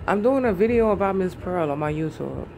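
A woman's voice: on the low side, animated, a little fast, creaky, dark tone. Woman vlogger with hiccups; loose, rambling, chatty delivery. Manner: chatty, rambling, calls viewers "baby". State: has the hiccups. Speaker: YouTuber. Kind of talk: casual vlog chat.

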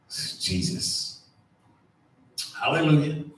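A man preaching a sermon, animated and conversational, acting out voices and dropping to a hush. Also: sits high, normal speed, slight background noise. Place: church sanctuary. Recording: echoey church from far off.

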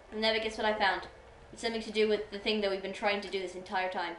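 A woman streamer chatting playfully while gaming, with bursts of excitement. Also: mid-range voice, quick pace, few pauses, roomy sound, soft background music, low-quality recording. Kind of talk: casual gameplay chat.

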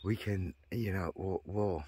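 Low husky man rambling on. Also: unhurried, warm tone. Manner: meandering, tangential, heavy on fillers. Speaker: vlogger. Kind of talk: rambling monologue to viewers.

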